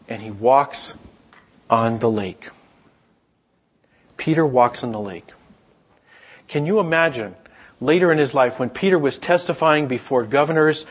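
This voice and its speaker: Husky-voiced man preaching conversationally. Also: mid-range voice. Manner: conversational storytelling, acts out quoted voices. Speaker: pastor. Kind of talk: sermon.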